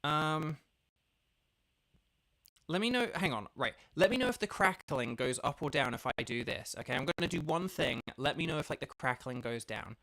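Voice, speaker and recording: A man's voice: on the high side, expressive, moderate pace, vocal fry, bright, forceful tone. An English man from England chatting hesitantly to his live-stream chat from a home setup, with lots of filler words. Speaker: game streamer. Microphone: laptop streaming setup.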